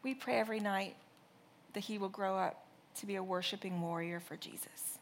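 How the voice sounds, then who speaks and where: A woman in her thirties preaching a sermon, telling a family story with lively, exaggerated re-enactments. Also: mid-range voice, moderate pace, a little hiss or hum.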